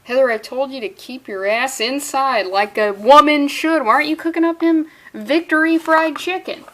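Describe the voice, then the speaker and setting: A woman's voice: on the high side, moderate pace, natural voice. A woman voicing a swaggering male insect gunman while reading a comic aloud, speaking in an insulting, sneering way. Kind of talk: comic reading with put-on voices.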